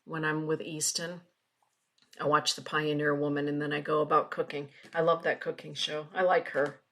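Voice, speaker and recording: A woman's voice: sits low, level tone, moderate pace, fairly bright tone. A middle-aged woman, a spiritual teacher, chatting casually with viewers and reading oracle card passages. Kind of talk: casual webinar chat.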